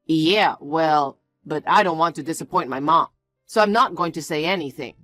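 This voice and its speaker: A woman's voice: low-pitched, moderate pace, fairly bright tone, no echo, soft background music. A woman voicing a defensive, bossy young man who talks in a curt, scolding way. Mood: irritated.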